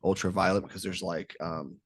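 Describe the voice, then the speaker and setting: A man on a podcast, jumping in quickly and tentatively with a thought. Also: low voice, flat delivery, slightly rough, no room sound. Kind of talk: podcast interview.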